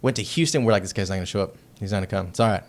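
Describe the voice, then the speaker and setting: A man from Texas, a heavy metal band member, telling a story as a podcast guest in a loose, profane and excitable way. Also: lowish voice, racing. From Texas, United States. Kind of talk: casual storytelling chat.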